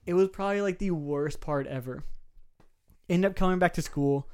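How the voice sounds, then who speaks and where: A young man, podcast co-host, telling a story in casual chat, animated and swearing, acting out the voices of other people. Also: high voice, moderate pace, clear, resonant tone.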